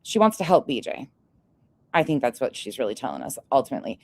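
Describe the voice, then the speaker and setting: A woman's voice: a bass voice, big pitch swings, fast. A woman giving casual commentary on online drama, sarcastic and profane as she rants.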